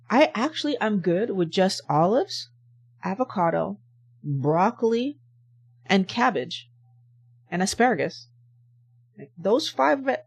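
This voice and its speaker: A woman hosting a health channel, giving a motivational talk to camera and pressing her point with repeated rhetorical questions. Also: lowish voice. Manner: emphatic, repetitive rhetorical questions.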